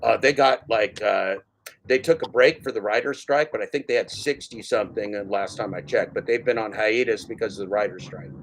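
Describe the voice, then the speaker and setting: A man hosting a casual talk show, rambling and excitable, swearing often. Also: on the low side, a little fast, slight background noise. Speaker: show host. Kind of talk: casual chat.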